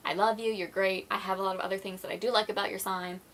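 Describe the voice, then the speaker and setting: A woman vlogger talking casually straight to her viewers, voice bright and forward. She rambles with lots of "like" fillers, keeps apologizing, and slips into quick acted-out snippets of conversations. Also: medium pitch, level tone, slight background noise. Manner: chatty, filler-heavy, apologetic, acts out quoted exchanges. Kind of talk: casual vlog chat to camera.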